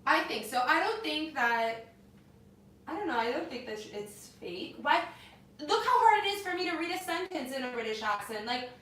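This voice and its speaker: A young woman co-hosting a casual entertainment news chat, opinionated and animated, with lots of "like.". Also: sits high, moderate pace. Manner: animated, opinionated, heavy use of "like". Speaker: co-host. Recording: echoey room, mic at a distance, faint noise.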